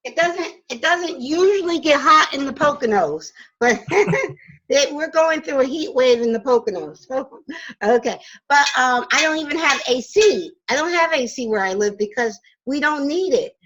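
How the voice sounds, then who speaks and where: A woman hosting a casual spiritual chat from her home, enthusiastic and quick to laugh. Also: high voice, animated, fairly bright tone, poor audio. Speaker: radio host. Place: home in the Poconos.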